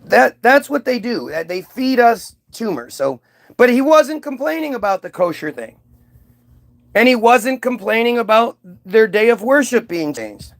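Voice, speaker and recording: A man's voice: very high voice, very animated, a little slow, creaky. A man delivering a casual monologue, rambling, profane and mocking, with frequent asides and restarts. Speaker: commentator.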